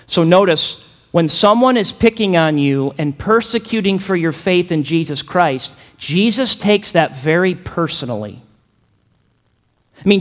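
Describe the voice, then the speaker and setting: Male pastor, higher-pitched voice, dynamic emphatic sermon delivery, long hall reverb. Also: expressive, measured pace. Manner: dynamic preaching, acts out quotes, builds to emphatic peaks.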